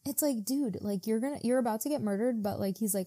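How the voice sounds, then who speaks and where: A woman hosts a relaxed book-club podcast with a mellow, warm tone. She recaps scenes by slipping into playful voices for the characters. The sound is close and dry. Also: on the high side, fast, dry recording. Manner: retells scenes in mock voices, swears freely. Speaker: podcast co-host. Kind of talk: casual book-club chat.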